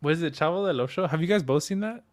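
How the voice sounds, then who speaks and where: A man's voice: fairly high pitch, very fast. A man co-hosting a podcast in casual chat, rambling, laughing often and swearing. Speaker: podcast co-host.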